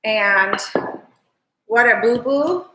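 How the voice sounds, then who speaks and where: A woman livestreams from her home kitchen, rambling fondly to viewers while she cooks. Her voice is a little high and she draws out her words, with noise in the background and an echoey kitchen sound.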